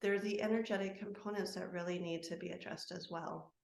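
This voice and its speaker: A woman's voice: on the low side, steady tone, a little fast, vocal fry. A woman guest speaking as a soul constellation practitioner in an interview, heartfelt and emotional, talking in spirited bursts. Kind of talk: earnest interview talk. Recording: echoey room.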